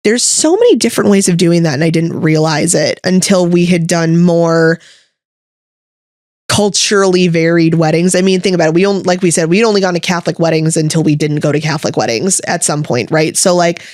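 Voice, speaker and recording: Brief: woman co-host, lower pitch, animated storyteller, dry close sound. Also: brisk, no room sound. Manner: animated storyteller, jumps up high when excited. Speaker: podcast co-host, wedding videographer. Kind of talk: casual chat.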